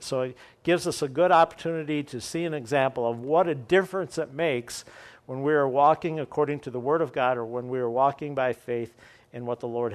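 A man preaching a sermon, explaining scripture and reading it aloud with dramatic lifts for the quoted voices, often repeating key phrases. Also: a little high.

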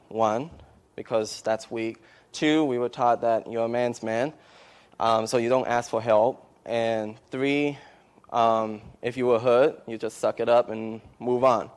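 At church, a missionary man tells an emotional testimony and then opens a sermon, faltering with many fillers and restarts. His medium-pitched voice is a little mellow, with a clear, resonant tone.

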